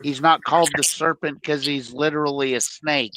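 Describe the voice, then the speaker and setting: A man's voice: on the high side, fairly even intonation, moderate pace, background noise. A man on a call-in stream arguing hotly in a group chat, swearing often. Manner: profane, argumentative. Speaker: guest.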